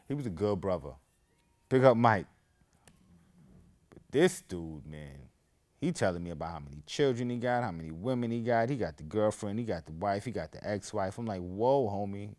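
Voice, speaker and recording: A man's voice: fairly low pitch, normal speed. A man hosting his own show, telling casual stories and drifting off on tangents, livening up whenever he quotes people. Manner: rambling, goes off on tangents; animated, raises voice when quoting others. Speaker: podcast host. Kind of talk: casual storytelling monologue.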